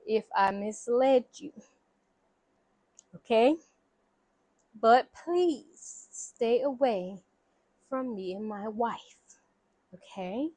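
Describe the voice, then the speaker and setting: A woman voicing a married man who is blunt, annoyed and profane, in a quick story recap. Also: a little high, no room sound.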